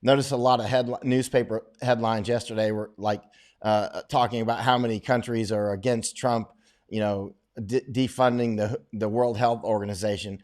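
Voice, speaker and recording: Reading viewer questions on a casual livestream, a middle-aged man responds with rambling opinions and frequent false starts. His voice is fairly low and darkish, steady in tone, at a moderate pace.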